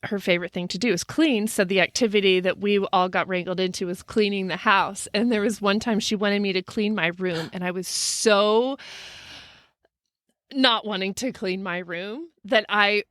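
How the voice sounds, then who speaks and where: A woman co-hosting a podcast in casual chat, giggly and animated, acting out the voices of people in her stories while recording in a closet. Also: mid-range voice, normal speed, dry recording, clean studio sound. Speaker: podcast co-host. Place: closet with laundry.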